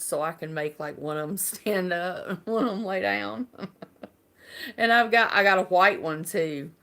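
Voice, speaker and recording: A woman's voice: low voice, a bit bright. A woman from Alabama with a Southern accent, chatting casually and rambling on a live stream, laughing often. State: unwell.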